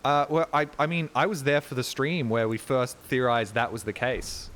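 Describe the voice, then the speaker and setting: Young Australian male streamer, casual rambling chat, mid pitch. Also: steady tone, moderate pace, a bit bright, slight background noise. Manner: rambling, joking, chatting to viewers. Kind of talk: casual chat while gaming.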